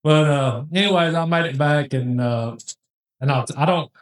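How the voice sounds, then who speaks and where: A man telling a long story in casual chat, rambling with animated asides and restarts. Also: a little high, moderate pace. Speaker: podcast host telling a hunting story. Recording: very echoey room.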